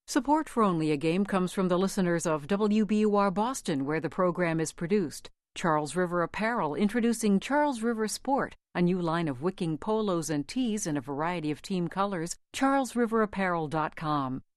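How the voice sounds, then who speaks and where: A woman announcer reading sponsor credits in a crisp, even way. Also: on the low side, moderate pace, hardly any pauses, no room sound, studio quality. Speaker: radio announcer.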